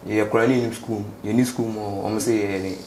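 A young man from Ghana telling his story in a casual street interview, speaking haltingly and mixing English with local words. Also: on the low side, little pitch movement, a little mellow. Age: young adult. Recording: echoey space with faint background noise.

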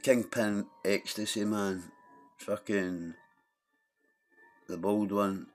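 A man's voice: fairly low pitch, steady tone, drawn-out words. Blunt, sweary Scottish man. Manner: blunt, sweary and rambling, calling out other streamers. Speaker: live streamer. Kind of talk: casual live-stream chat.

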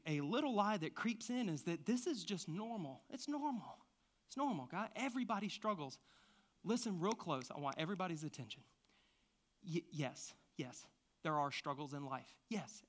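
A man preaching a sermon and sharing his own testimony, swinging from hushed confessions to loud, fervent exclamations. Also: a little high. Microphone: stand microphone.

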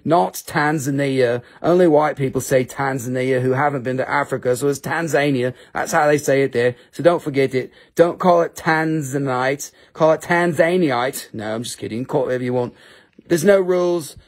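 A man hosts a live sales stream for rocks and crystals. He chats in a loose, rambling way, swears freely and jokes with viewers. Now and then he jumps into a squeaky mock voice to quote people. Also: a little fast, a little mellow. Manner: rambling, profane, joking, with high-pitched mock quotes. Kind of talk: casual live-stream selling chat.

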